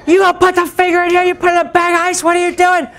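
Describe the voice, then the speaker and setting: A man voicing a frantic mother who yells and scolds at a shrill, high pitch. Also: completely flat delivery, racing. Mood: frantic scolding. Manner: yelling in alarm, scolding. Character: frantic shouting mother, middle-aged woman.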